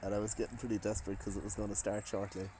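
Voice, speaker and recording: An Irish man chatting casually with his wife, animated as he tells a story and quotes other people. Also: on the low side, very fast, a little hiss or hum. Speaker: co-host, husband. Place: garden outdoors. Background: faint outdoor ambience.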